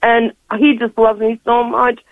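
A woman's voice: a little high, completely flat delivery, a little slow, dry recording. An older woman calls in to a radio show over a tinny phone line. She talks effusively in long, rambling stretches and laughs as she goes. Her voice comes through dry and narrow. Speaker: caller. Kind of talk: call-in radio chat.

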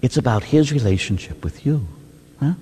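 A man, a Catholic priest, preaching a lively sermon, often checking in with a "huh?" and swinging between loud and hushed delivery. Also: mid-range voice, normal speed, slightly rough. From United States. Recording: long hall reverb.

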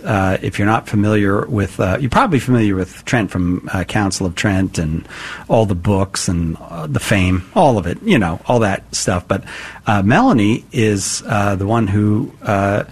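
A lower-pitched man with a husky, slightly breathy voice hosts a live radio call-in show. He talks casually, rambling through fillers and restarts as he chats with guests in the studio. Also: animated, normal speed. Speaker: radio talk show host. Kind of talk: casual on-air chat.

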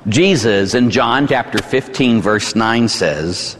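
A middle-aged man with a Pittsburgh accent delivers a sermon as a Catholic priest, his voice rising and falling in a lively, animated way. He preaches conversationally and keeps checking in with the congregation through quick tag questions. His words ring out with the long reverb of a large church. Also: medium pitch.

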